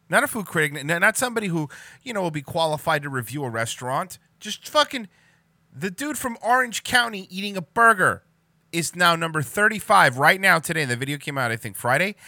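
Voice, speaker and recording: A man's voice: fairly high pitch, sing-song, fairly quick, bright, forceful tone, dry recording. A man ranting sarcastically and swearing a lot as he reacts to a video for comedy. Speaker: reaction commentator. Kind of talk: profane comedic reaction commentary.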